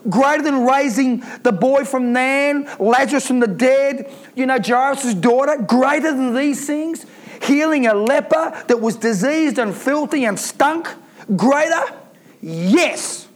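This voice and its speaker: A man preaches an emphatic sermon, calling out to his congregation for responses. His voice sits very high for a man. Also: unhurried. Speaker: pastor.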